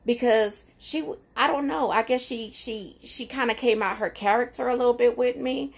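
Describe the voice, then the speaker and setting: A woman's voice: fairly high pitch, normal speed, hardly any pauses. A woman talking in a casual, reflective personal vlog, conversational and emotional, with frequent fillers. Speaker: vlogger.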